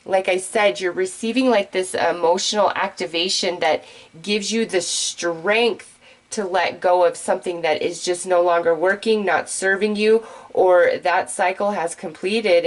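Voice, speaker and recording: A woman giving a general tarot reading straight to her viewers, excitable and gushing, talking in quick bursts. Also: fairly low pitch, poor audio. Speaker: tarot reader.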